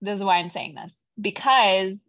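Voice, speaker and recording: A middle-aged woman from Texas, a guest author talking in a casual, animated, rambling way with many fillers. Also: medium pitch, moderate pace, dry recording. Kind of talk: casual video-call interview.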